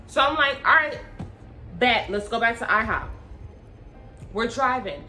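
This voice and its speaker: A woman vlogger telling a story to her camera, blunt and animated, with swearing and slang. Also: a little high, a little slow, long pauses, soft background music.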